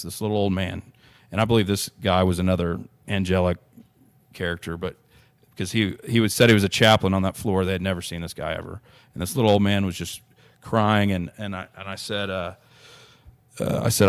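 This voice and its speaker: A man's voice: on the low side, steady tone, brisk, clean tone. A man telling a personal story as a podcast guest, earnest and rambling, full of restarts and "you know".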